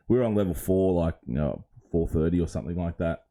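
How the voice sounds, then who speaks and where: Mellow-voiced Australian man spinning a yarn. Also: low voice, fast talker, hardly any pauses. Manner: rambling storyteller, chuckling, animated quoting. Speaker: podcast co-host. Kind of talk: casual chat.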